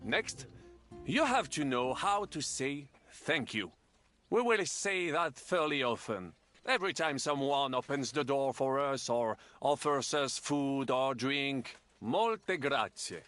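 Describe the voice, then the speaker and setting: A man's voice: mid-range voice, expressive, takes it slowly, fairly bright tone, no room sound. An actor playing a fussy, theatrical male language teacher in a game, precise and easily exasperated. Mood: patient, exacting. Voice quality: precise, exasperated tutoring manner. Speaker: language tutor. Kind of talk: game voice acting.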